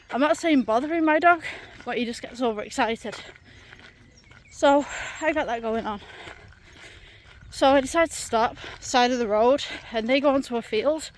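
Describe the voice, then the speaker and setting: Walking her dog along a countryside path, a British woman records an outdoor vlog, ranting through an exasperated storytime packed with fillers. Her voice is a little high, and there's slight background noise.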